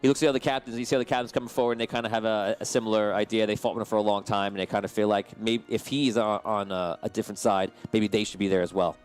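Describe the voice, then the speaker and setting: A man's voice: on the low side, level tone, racing, hardly any pauses, clean tone, soft background music. A man narrating as game master of a tabletop game, describing the action casually with frequent fillers and restarts.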